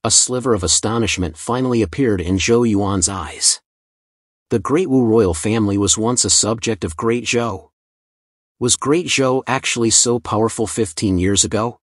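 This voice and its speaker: A man narrating a fantasy story recap in a measured, scripted reading. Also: lowish voice, husky, dry recording, clean studio sound.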